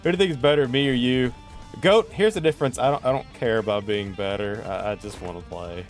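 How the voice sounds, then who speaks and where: A man's voice: mid-range voice, brisk, faint music behind. A man hosting a casual gaming stream, playful and teasing as he chats with viewers while playing. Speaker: streamer host.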